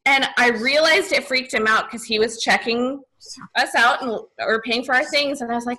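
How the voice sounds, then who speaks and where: A woman's voice: fairly high pitch, moderate pace, sharp tone, low-quality recording. A young woman telling a story as a podcast guest, bubbly and giggly, saying "like" a lot. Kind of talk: casual storytelling.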